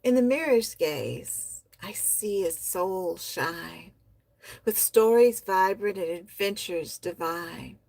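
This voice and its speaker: A woman hosting a poetry livestream, reading members' poems aloud in a soft, heartfelt way and chatting about them between readings. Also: mid-range voice, lively intonation, slow pace, vocal fry, dry recording. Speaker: host of a poetry society livestream.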